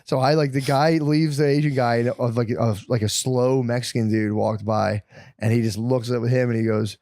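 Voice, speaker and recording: A man's voice: mid-range voice, fairly even intonation, normal speed, darkish tone, no room sound, clean studio sound. A man co-hosting a comedy podcast, telling crude stories in casual chat and laughing through them while acting out strangers. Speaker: podcast co-host.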